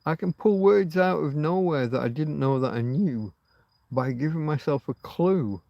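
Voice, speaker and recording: A man's voice: a little high, expressive, normal speed, gravelly, dry recording, highs cut off. A middle-aged man hosting a late-night livestream from outdoors, musing and swearing as he chats. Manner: musing, sweary, self-talking. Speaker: livestream host. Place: outdoors at night near a road.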